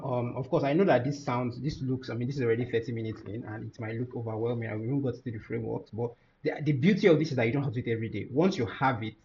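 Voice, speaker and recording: A man teaching a software tutorial over a screen share, thinking aloud with many fillers and restarts. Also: medium pitch, creaky, lo-fi sound, a little hiss or hum. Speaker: course instructor.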